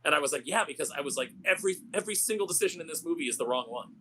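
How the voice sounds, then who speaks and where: A man's voice: fairly high pitch, very fast, low-quality recording. Ranting male podcast co-host. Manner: ranting, animated storytelling. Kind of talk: casual chat.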